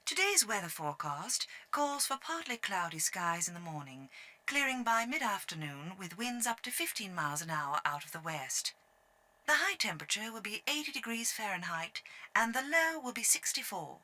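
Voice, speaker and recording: A woman with a British English accent reading a weather forecast as a speech sample, in a clear, measured way. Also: medium pitch, big pitch swings, pushed and bright.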